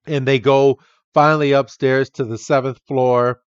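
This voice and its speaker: A man's voice: medium pitch, flat delivery, clean tone, dry recording, lo-fi sound. A man co-hosting a podcast, casually recapping an episode and acting out the characters' lines. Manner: slow retelling with acted-out quotes. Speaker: podcast co-host.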